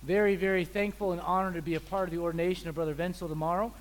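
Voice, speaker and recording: High-voiced pastor telling lively stories. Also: male voice, rapid-fire. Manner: animated storyteller, acts out people's voices. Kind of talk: sermon with storytelling.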